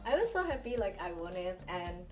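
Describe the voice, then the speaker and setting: A woman's voice: on the low side, very animated, fairly quick, soft background music. A woman hosting a podcast, talking in a bubbly, casual way full of fillers. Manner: bubbly, filler-heavy chat with many "like"s. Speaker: podcast host.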